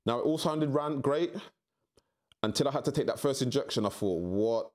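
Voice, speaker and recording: A middle-aged man telling his story candidly in an interview, acting out quoted voices with big jumps in pitch. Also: fairly quick, a little mellow. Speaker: interview guest.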